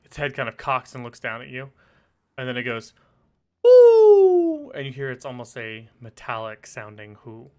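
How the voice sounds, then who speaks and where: Gravelly man narrating as game master. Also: mid-range voice, brisk. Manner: relaxed, hesitant narration with many fillers.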